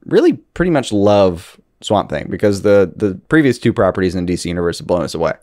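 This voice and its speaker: A man with a fairly low voice co-hosts a podcast in relaxed chat. He is easygoing and wry and laughs at himself. The recording is dry and close. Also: a little fast, no room sound. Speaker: podcast co-host. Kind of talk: casual chat.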